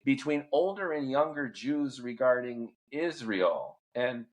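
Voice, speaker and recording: A middle-aged man hosting a podcast, asking long, thoughtful questions at a measured pace. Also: medium pitch, lively intonation. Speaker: podcast host. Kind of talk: interview questions and commentary.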